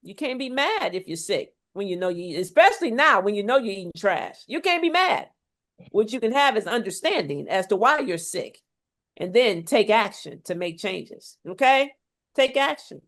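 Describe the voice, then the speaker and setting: A woman's voice: medium pitch, lively intonation, moderate pace. A woman health coach giving an emphatic, preachy motivational talk, full of faith, repeating "okay?" to drive each point home. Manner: faith-filled and exhortative.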